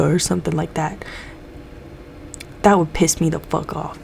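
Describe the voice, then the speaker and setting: A woman's voice: lowish voice, steady tone, normal speed, vocal fry, long pauses, darkish tone, slight background noise. A young woman casually recapping a TV episode, loose and profane, acting out the characters' lines as she goes. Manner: loose, swears a lot, acts out characters' lines.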